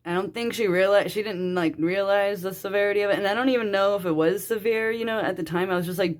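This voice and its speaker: A woman's voice: medium pitch, steady tone, fast, hardly any pauses. A young woman telling a personal story in a rambling, casual way, full of fillers and swearing. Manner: swearing, rambling, lots of "like" and "dude". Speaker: vlogger.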